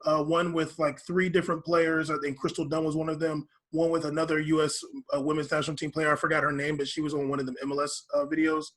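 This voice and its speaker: Husky-voiced man rambling on a podcast. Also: a little high, level tone, fast talker, hardly any pauses, fairly bright tone. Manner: rambling, full of fillers and restarts. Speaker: podcast co-host. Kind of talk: casual podcast chat.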